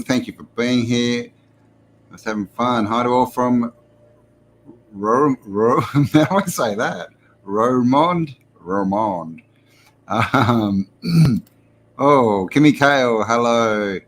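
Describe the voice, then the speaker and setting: A man's voice: mid-range voice, slight background noise. An Australian man hosting a casual live stream. He rambles, chuckles and greets viewers by name. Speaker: host.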